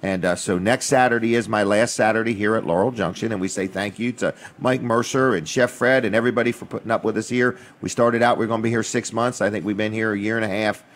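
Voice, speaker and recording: A man's voice: lowish voice, fairly even intonation, fast, few pauses. A man with a Delaware accent hosting a casual radio talk show from a restaurant, chatty and folksy. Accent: Delmarva (Delaware). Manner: folksy, chatty, easily moved.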